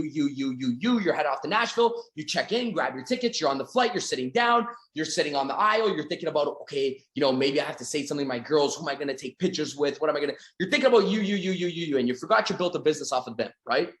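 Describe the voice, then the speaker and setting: A man giving an energetic motivational sales training talk as a coach, acting out little scenes. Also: on the high side. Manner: energetic, acts out little scenes with quoted voices.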